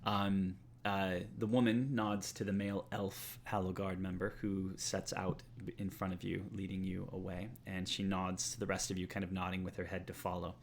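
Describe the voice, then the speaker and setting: A man narrating as game master for a tabletop role-playing game, in a relaxed way with many fillers. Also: low-pitched, normal speed, hardly any pauses, a little hiss or hum.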